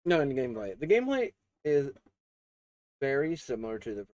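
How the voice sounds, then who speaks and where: A man reviews a video game in a casual, meandering ramble packed with fillers and restarts, now and then coughing and clearing his throat. His mid-pitched voice swings lively up and down at a fairly quick pace, with no room sound.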